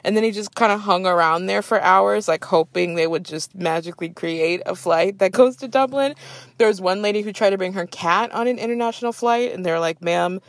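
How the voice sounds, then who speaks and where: A woman's voice: medium pitch, brisk, no echo. A young adult woman hosting a podcast in a casual, chatty way, laughing often and saying "like" a lot. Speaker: podcast host. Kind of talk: casual chat.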